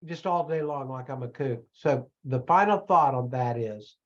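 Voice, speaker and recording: Rambling, animated man on a dull stream. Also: mid-range voice, a little slow. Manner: animated, self-mocking, breaks into voices. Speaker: online business coach. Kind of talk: live-streamed rambling talk.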